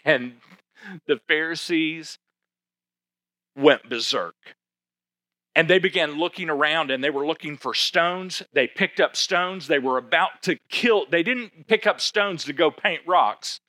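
A man's voice: sits high, animated, slow pace, pushed and bright, no room sound. A man preaching a sermon in a conversational, emphatic way, often asking the audience rhetorical questions. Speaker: pastor.

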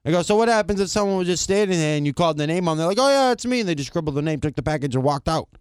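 A man's voice: a little high, racing, clean tone, no room sound, clean studio sound. A man co-hosting a casual talk show, telling a long rant and acting out both sides of the exchange. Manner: animated, acts out both sides of a story, swears casually. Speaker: podcast co-host. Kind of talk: casual chat, storytelling rant.

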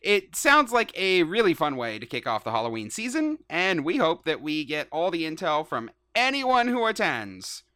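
A woman's voice: low-pitched, very animated, moderate pace, hardly any pauses, fairly bright tone, dry recording, clean studio sound. A woman co-hosting a casual podcast, joking and reading out news segments. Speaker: podcast co-host.

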